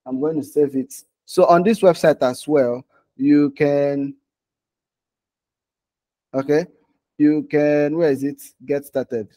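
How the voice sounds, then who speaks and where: A man's voice: a little high, fairly even intonation, slow pace, long pauses, mellow. A man teaching design in a casual live online lesson, talking while he clicks through screens and often checking in with "okay?" and "right?". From Nigeria. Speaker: design instructor.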